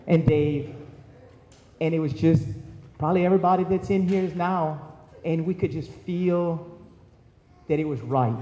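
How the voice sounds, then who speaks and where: A man's voice: fairly high pitch, warm tone, muffled recording. A man giving a eulogy in a large church, telling stories and acting out the voices of the people in them. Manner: storytelling, acting out quoted voices. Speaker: eulogy speaker. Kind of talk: eulogy with anecdotes. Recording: echoey hall from far off.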